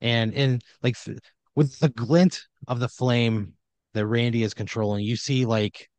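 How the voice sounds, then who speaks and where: A man's voice: mid-range voice, steady tone, measured pace, darkish tone, no echo. A man improvising a comedic horror story in a loose, rambling way full of fillers.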